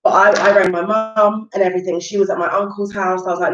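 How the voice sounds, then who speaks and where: A woman's voice: mid-range voice, steady tone, fast talker, hardly any pauses, fairly bright tone. A woman, rambling casually through stories on a livestream. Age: 30s. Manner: chatty, rambling storytelling with lots of fillers. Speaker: live-stream host. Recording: roomy, distant, dull home recording.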